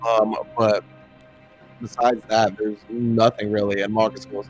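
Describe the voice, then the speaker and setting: A man's voice: on the low side, flat delivery, a little slow, soft background music. A man narrating a tabletop game as dungeon master, rambling and hesitant with lots of fillers.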